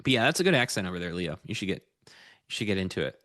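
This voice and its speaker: Joking guy cohosting a live market stream, lowish voice, dry mic. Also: rapid-fire, no echo. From Pennsylvania. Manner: joking, animated storyteller. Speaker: co-host of a live trading stream. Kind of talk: casual chat.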